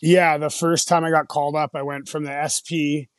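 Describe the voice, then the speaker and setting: A middle-aged man tells his hockey stories in a loose, rambling flow, stacking up fillers and cursing now and then. His voice sits a little high for a man. The sound is close and dry, with no room around it. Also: flat delivery, normal speed, no echo. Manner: rambling, frequent "like" and "you know", swears then apologizes. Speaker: guest, former hockey player. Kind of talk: casual storytelling.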